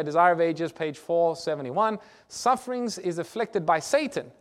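Slightly high-voiced male preacher. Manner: asks the audience rhetorical questions; reads scripture aloud and explains it. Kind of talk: sermon. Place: church or lecture hall with a screen.

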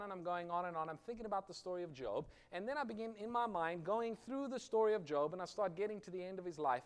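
A man's voice: sits high, quick pace, hardly any pauses. A middle-aged man preaching a sermon, reading scripture with rising force and telling a personal story. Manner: earnest storytelling preacher, rises loud on quoted scripture. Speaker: pastor.

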